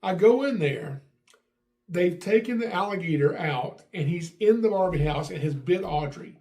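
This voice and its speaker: A middle-aged man hosting a podcast, telling a family story in a lively way and acting out what people said. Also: sits high, moderate pace. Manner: animated, acts out quotes with raised voice. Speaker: podcast host. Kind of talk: casual storytelling.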